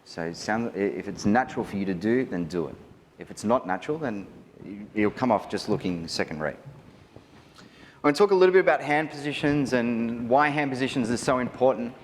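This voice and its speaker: An Australian man giving a wedding photography seminar, chatty and animated, often asking the audience questions. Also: mid-range voice, brisk, a little hiss or hum. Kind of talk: live seminar talk to an audience. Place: large hall. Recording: reverberant hall with faint ambience.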